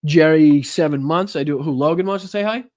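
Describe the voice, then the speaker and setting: A man's voice: on the high side, a little fast, a little mellow. A man hosting a political podcast live from home, chatting loosely, swearing and thanking viewers. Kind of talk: casual live-stream chat.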